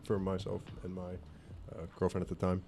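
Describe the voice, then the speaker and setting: A man's voice: low voice, completely flat delivery, a little fast, creaky, warm tone, a little hiss or hum. A laid-back man telling a rambling story in casual podcast chat, swearing now and then. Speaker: podcast co-host.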